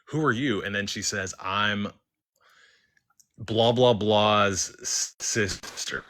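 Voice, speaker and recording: A man's voice: on the low side, slow pace. A young man telling a personal ghost story in casual chat on a live stream, acting out the voices he quotes. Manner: animated, acts out quoted voices. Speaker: caller sharing a story.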